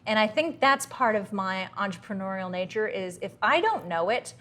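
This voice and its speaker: A middle-aged woman from Texas with a softened Texas accent, chatting as an interview guest, upbeat and laughing often. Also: medium pitch, animated, normal speed. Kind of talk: casual interview chat.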